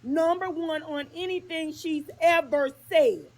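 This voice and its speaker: A woman's voice: high-pitched, unhurried, darkish tone. A woman calling in to a talk show, upset and insistent, holding back tears as she defends herself. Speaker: caller. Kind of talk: heated call-in complaint.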